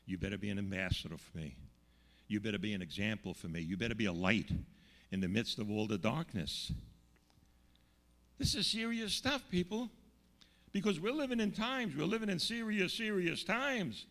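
Gravelly, emphatic preacher man in a hall. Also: mid-range voice, big pitch swings, a bit bright. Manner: emphatic, slows down to stress words, asks the audience questions. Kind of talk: sermon.

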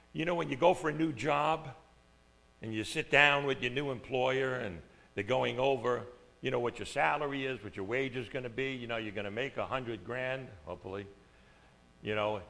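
A man preaching a conversational sermon, dropping to soft asides and then rising to loud, emphatic lines of scripture. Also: mid-range voice.

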